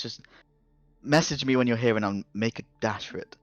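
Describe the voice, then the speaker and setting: A man's voice: mid-range voice, brisk, no room sound, muffled recording, soft background music. A man playing a tabletop game, talking in a hesitant, easygoing way. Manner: hesitant, laughing in and out of character. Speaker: player.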